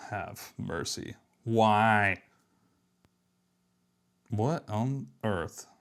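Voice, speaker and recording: A man casually thinking aloud while building an app, muttering to himself, trailing off and making self-deprecating remarks. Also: fairly low pitch. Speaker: app developer streaming a live build.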